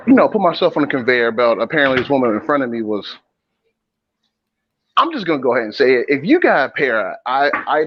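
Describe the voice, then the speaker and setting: A man co-hosting a casual podcast, telling an animated, profane story and roasting a stranger between laughs. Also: a little high, dry recording. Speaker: podcast co-host. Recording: dull lo-fi sound.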